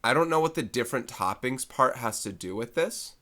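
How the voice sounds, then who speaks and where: A man's voice: medium pitch, expressive, a little fast, bright, forceful tone. A man teaching a recorded math lesson, thinking aloud in a loose, conversational way and correcting himself as he works through a problem.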